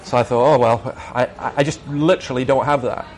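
A man's voice: medium pitch, steady tone, fast, slight background noise. A middle-aged man, a minister, answering questions in an emphatic, argumentative way and telling anecdotes.

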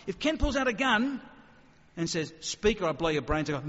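Brief: man preaching to a live audience, animated and conversational, a fairly high voice, muffled hall recording with a long reverb tail. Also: a little fast. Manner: animated, conversational, sudden acted asides. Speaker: speaker. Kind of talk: evangelistic talk with questions.

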